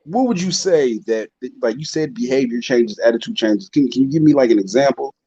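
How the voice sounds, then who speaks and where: A man's voice: medium pitch, a little fast, mellow, breathy edge, no room sound, lo-fi sound. A man hosting an informal interview, asking questions in a loose, stumbling way. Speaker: interview host. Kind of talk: casual interview.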